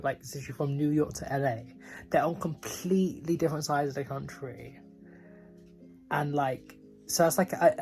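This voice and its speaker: A man giving a casual book update, laughing often and filling his talk with "like". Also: a little high. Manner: giggly, laughs often, many "like" fillers. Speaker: book vlogger.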